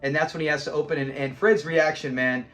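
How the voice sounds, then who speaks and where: A man who hosts a show reviewing a classic sitcom episode. He is animated, laughs often and acts out characters' lines as he retells scenes. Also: fairly high pitch, fast, soft background music.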